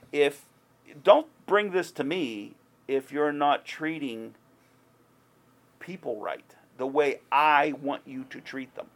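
A man's voice: a little high, vocal fry. A man preaching an informal sermon in a conversational way, growing heated and emphatic as he goes. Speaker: pastor.

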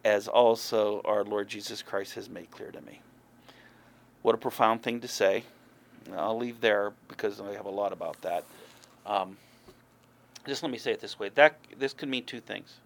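A man's voice: lowish voice, normal speed, vocal fry, long pauses. A man preaching a sermon in an earnest, conversational way, with folksy asides. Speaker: pastor.

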